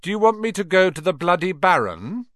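A self-important teenage boy prefect, played by a male reader, who orders others about in an officious manner. His voice jumps around a lot in pitch. The recording is close and dry. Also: big pitch swings, fairly quick, a bit bright, dry recording. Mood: barking. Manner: bossy, officious.

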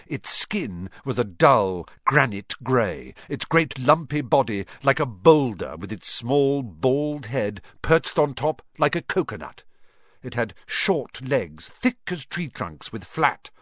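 A man reading a children's story aloud in an animated, expressive manner. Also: mid-range voice, no echo, clean studio sound. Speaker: audiobook narrator. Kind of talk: scripted storybook narration.

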